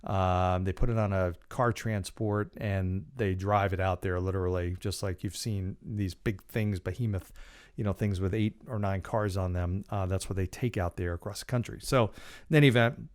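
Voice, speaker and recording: A man's voice: sits low, steady tone, moderate pace. A middle-aged man hosting a podcast, telling a personal story in a casual, rambling way with lots of fillers and restarts. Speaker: podcast host.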